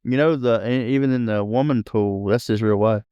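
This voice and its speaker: A man, co-hosting a podcast in relaxed casual chat, agreeable and quick to murmur assent. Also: medium pitch, clean tone, no echo. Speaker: podcast co-host. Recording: dull, muffled sound.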